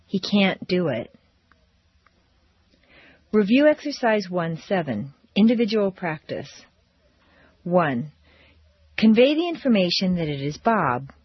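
A woman teaching pronunciation drills, speaking slowly and deliberately with exaggerated intonation. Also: lowish voice, sing-song, breathy edge, dry recording. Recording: dull dry lo-fi recording.

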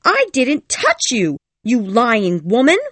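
A spoiled young woman with a shrill, commanding voice that leaps high and swings wildly between notes, as a man puts her on. She snaps orders and flares into temper. The storybook reading sounds dry and close. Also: very animated, moderate pace, no echo, exaggerated voice. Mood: furious. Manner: shrill and imperious.

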